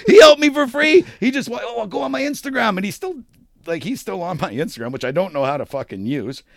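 A middle-aged man spins a long, swearing-laced story with a slightly high voice that swings up and down a lot. He laughs often as he talks. The sound is dry and close. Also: lively intonation, fast talker, gravelly, no room sound. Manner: profane, rambling, laughs often. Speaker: podcast co-host. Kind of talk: casual storytelling chat.

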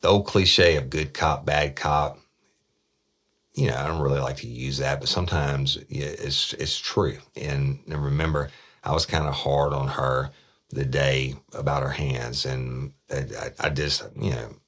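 Ex-detective man, rumbling low and raspy, spins a blunt story and acts out the talk. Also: a little slow. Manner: lively retelling that acts out the dialogue; casual, blunt. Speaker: former detective.

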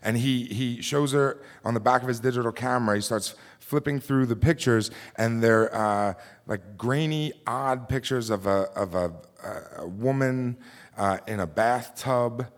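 A man's voice: medium pitch, unhurried. A married man telling a true personal story on a theater stage, talking in a loose, conversational way with fillers and restarts. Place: theater stage before a live audience.

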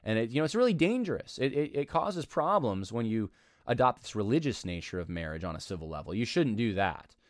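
A man reading aloud from an article and critiquing it in an argumentative, animated way, breaking in with asides and short laughs. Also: mid-range voice, fairly quick, no echo, clean studio sound. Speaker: commentator.

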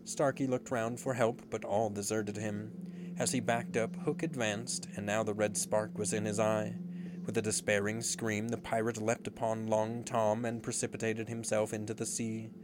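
A man narrating a storybook in a measured, dramatic way. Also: lowish voice, flat delivery. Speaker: audiobook narrator. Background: background music.

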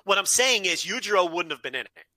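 A man with a very bright, forward voice talks through his argument step by step, steady and sure of his logic. The sound is dry and close, with no room around it. He carries the casual back-and-forth of a podcast co-host. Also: sits high, fast, dry recording. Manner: analytical, makes his case point by point. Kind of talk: casual chat.

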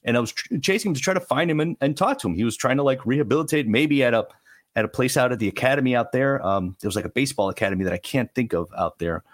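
Animated man telling wild stories. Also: medium pitch, rapid-fire. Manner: animated, self-mocking, restarts phrases. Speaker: podcast guest. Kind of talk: casual storytelling. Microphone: remote call.

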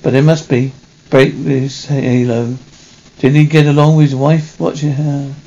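A man reading a film script aloud in a halting way, correcting himself as he goes. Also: medium pitch, little pitch movement, warm tone, muffled recording. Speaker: reader.

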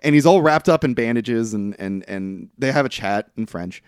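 A young podcast co-host, animated and speaking at normal speed, rambles through a casual film recap with a darkish, clear and resonant tone. He voices characters' quotes with jumps in pitch, captured in clean studio sound without echo.

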